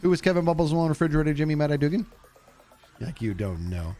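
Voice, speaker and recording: Man, game streamer, goofy, bouncy pitch, raised voice, faint music behind. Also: quick pace. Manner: goofy, talks to chat, jumps high in excitement. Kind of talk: live gameplay commentary.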